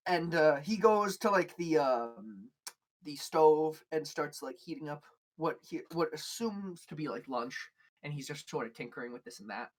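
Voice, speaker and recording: A woman's voice: low voice, expressive, moderate pace. Rambling woman running a tabletop game. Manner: rambling, many fillers. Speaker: game master.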